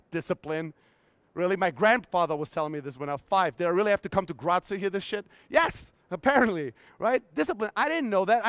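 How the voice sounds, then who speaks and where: A man's voice: high voice, a bit bright, clear, resonant tone, no room sound. Blunt, profane man on a conference stage. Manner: blunt, profane, acts out his inner voices. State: strained voice. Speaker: keynote speaker. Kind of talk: motivational stage talk.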